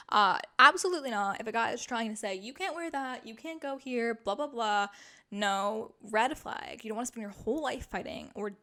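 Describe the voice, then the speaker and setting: Young woman podcaster, slightly high voice, emphatic and chatty advice monologue. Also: lively intonation, moderate pace, fairly bright tone. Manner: chatty, emphatic, frequent "like" fillers. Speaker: podcast host.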